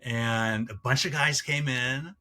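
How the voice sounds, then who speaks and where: A man speaking as a podcast guest in casual interview talk, halting and reflective with many fillers. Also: medium pitch, pushed and bright.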